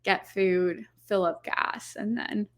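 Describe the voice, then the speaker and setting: A woman's voice: medium pitch, steady tone, slow pace. A woman in her twenties, raised in the American South, chatting casually as a podcast guest and laughing often. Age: 20s. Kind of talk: casual chat.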